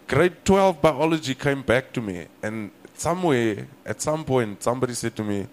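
A man's voice: sits high, lively intonation, normal speed, hardly any pauses, fairly bright tone. A young man, a comedian, telling a story in casual podcast chat and acting out both sides of the dialogue, swearing freely. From South Africa.

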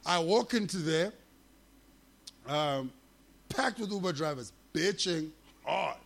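Man, comic guest storyteller, high-pitched, animated and swearing freely. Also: slow, gravelly. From South Africa. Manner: animated, profane, laughing often. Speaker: comedian guest. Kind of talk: comic storytelling in casual chat.

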